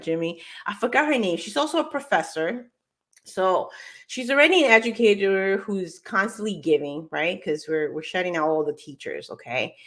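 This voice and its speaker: A middle-aged woman hosting a morning show in energetic, casual chat, talking straight to viewers and her crew. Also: medium pitch.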